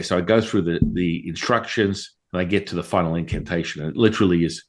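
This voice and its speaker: Middle-aged guy, kinda low voice, telling a wild story, swears a lot, acts out the dialogue. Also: fairly quick. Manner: animated, profane, acts out dialogue. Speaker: guest, Taoist priest. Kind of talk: casual storytelling interview.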